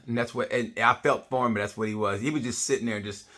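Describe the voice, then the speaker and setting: A man's voice: medium pitch, fairly quick, few pauses, sharp tone. Blunt, profane middle-aged man. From United States. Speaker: motorsport vlogger. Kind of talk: casual comedic race review.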